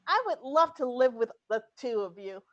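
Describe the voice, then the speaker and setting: Bubbly high-pitched woman hosting improv over a video call, laughs a lot. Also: lively intonation, normal speed, lo-fi sound. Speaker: improv host. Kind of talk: online improv show, in and out of scenes.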